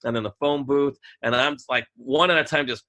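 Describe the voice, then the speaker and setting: A man telling a long story in casual talk on a podcast, rambling and animated, acting out other people's lines. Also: mid-range voice, a little fast. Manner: rambling, animated, acts out voices in quotes. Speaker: podcast host.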